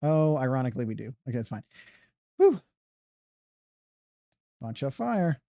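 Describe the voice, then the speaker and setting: A man's voice: medium pitch, big pitch swings, measured pace, vocal fry, no echo, muffled recording. A man giving casual commentary on his own speedrun, muttering and thinking aloud as he plays from his couch. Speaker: speedrunner streamer. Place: living room on couch.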